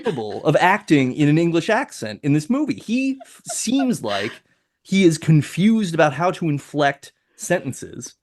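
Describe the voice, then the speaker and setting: A man co-hosting a relaxed film podcast, his voice moving through an animated range of pitch. He rambles and jokes, dropping in casual swears as he picks apart an actor's performance. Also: normal speed. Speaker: podcast co-host.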